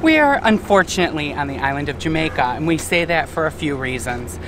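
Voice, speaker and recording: A man co-hosts a vlog with blunt, sarcastic commentary, recorded outdoors near a cruise port. Street and vehicle noise comes through clearly behind his voice. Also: on the high side, lively intonation, quick pace. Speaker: vlog co-host. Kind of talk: casual video commentary.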